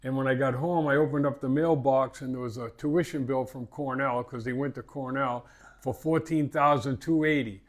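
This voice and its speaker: With a steady, mid-range voice and moderate pace, an older Boston-accented fishing captain from Massachusetts spins rambling stories in a relaxed interview. He repeats words as he goes.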